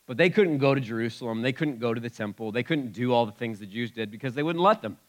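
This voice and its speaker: A man preaching to his congregation in a lively, animated way. His pitch sits in the middle range, and he swings between quiet, conversational asides and sudden loud exclamations. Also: fast talker. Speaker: pastor. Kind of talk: sermon.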